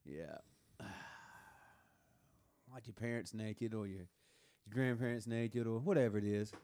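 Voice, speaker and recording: A man's voice: on the low side, a little slow, warm tone. Laughing man in crude casual banter. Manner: laughs often, crude joking. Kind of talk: casual chat.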